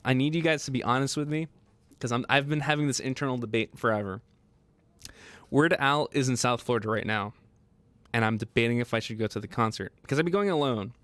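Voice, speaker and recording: A young man hosting a casual livestream, excitable and laughing often as he chats with viewers. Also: mid-range voice, fast talker, no room sound. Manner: excitable, laughs often, quotes movie lines in funny voices. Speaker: livestream host.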